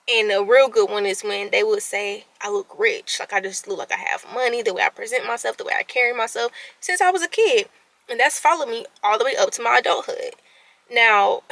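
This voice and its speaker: Young woman venting, bright tone. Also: on the high side, no room sound, rough recording. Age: 20s. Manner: candid, expressive, swings between soft and loud. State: voice cracking, close to tears. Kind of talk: emotional personal venting.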